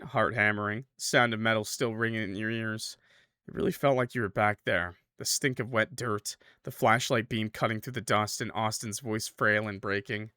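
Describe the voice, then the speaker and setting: The audio is studio quality, clear and free of echo, capturing a man's lowish, resonant voice with a sharp tone at a moderate pace. He's a streamer reading a horror game's text aloud and chatting between passages in a casual style heavy on "like" and "bro."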